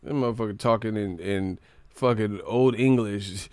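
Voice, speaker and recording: A man's voice: mid-range voice, a little slow, darkish tone, smooth, no room sound, studio quality. A man hosting a live stream, casually reacting to chat with profane, mocking commentary.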